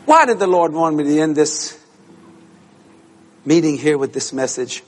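A male preacher delivering an animated storytelling sermon to a congregation, acting out voices and breaking into shouts and laughter. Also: on the high side, unhurried. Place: church service with congregation.

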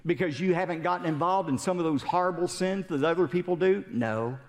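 A man preaching a sermon as an animated storyteller who asks rhetorical questions. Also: sits high, brisk, in a large hall. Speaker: pastor.

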